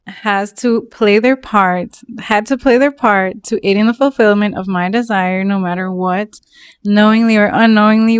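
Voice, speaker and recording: A woman telling a casual storytime about her own life, animated, swearing and saying "like" often. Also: medium pitch, clean tone, no room sound, studio quality. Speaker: storytelling vlogger.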